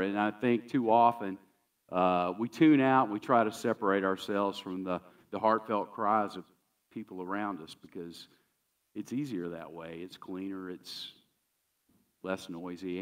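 A man's voice: low voice, steady tone, measured pace, clear, resonant tone, far from the mic. A man pastor preaching a sermon in a conversational, emphatic way, often repeating key phrases.

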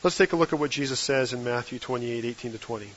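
A man preaching a sermon from the pulpit, with a measured delivery and emphatic stresses on key phrases. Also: mid-range voice, fairly bright tone, lo-fi sound, slight background noise. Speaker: guest preacher.

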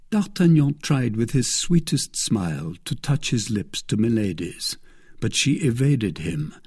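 A man narrating a classic novel as an audiobook in a measured, expressive way. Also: mid-range voice, slightly rough. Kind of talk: scripted narration.

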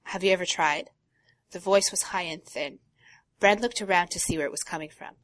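A woman co-hosting a casual talk show, reading a long passage from a novel aloud and breaking off for quiet asides. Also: on the low side, brisk. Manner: reads prose steadily, drops to quiet asides. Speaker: podcast co-host.

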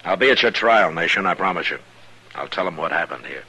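An actor playing a calm, firm frontier marshal in a 1950s radio western. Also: male voice, sits low, a little fast, slight background noise. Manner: firm, level, commanding.

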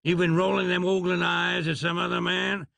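A man voicing a sardonic Western gunslinging dentist with a slow, folksy drawl and a gravelly, dry sound. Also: sits high, flat delivery, pushed and bright, dry recording, voice pushed up, exaggerated voice. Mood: wry. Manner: wry, unhurried and folksy.

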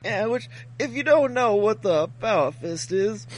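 A man's voice: high voice, lively intonation, a little slow, poor audio. A man co-hosting a podcast in casual chat, making wry jokes. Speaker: podcast co-host.

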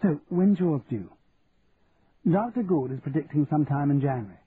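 A man's voice: fairly high pitch, expressive, moderate pace, voice pushed up, lightly acted. A man voicing a witty, upper-class English lady who teases her guests in a posh drawl. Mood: teasing. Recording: tinny, phone-like audio, faint hiss.

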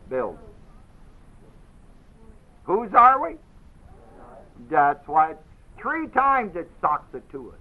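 A man's voice: high-pitched, big pitch swings, takes it slowly, long pauses, phone-quality sound. A man teaching a Bible class. He reads verses with heavy emphasis and keeps putting questions to his listeners.

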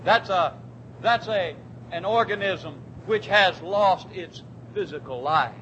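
A man preaching a sermon in a church, fervent, swinging from quiet, drawn-out words to shouted declarations. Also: high-pitched, lively intonation, muffled recording, a little hiss or hum.

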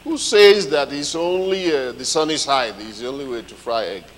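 A man preaching a sermon, telling a story with lively comic voices. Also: mid-range voice, normal speed, big-room sound, a little hiss or hum, poor audio.

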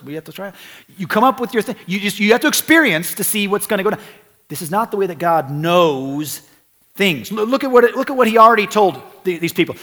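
A male pastor delivering a sermon with a fairly high voice, earnest and conversational, doubling back on phrases to drive points home. His words ring through a church with a long hall reverb. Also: fairly bright tone.

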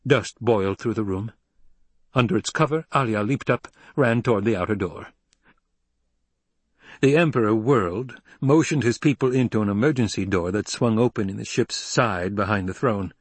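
A man narrating an audiobook in a steady, even storytelling manner. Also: on the low side, normal speed, slightly rough, dry recording. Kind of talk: scripted narration.

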